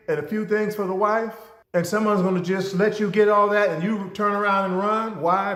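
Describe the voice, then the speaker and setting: A male lecturer with a somewhat high voice tells stories in an animated way, full of rhetorical questions. He is recorded on camera in a roomy room with a clear echo. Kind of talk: storytelling lecture.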